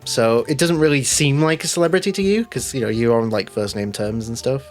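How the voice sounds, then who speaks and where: A man's voice: medium pitch, fairly quick, faint music behind. A man running a tabletop role-playing game as game master, chatty and laughing often.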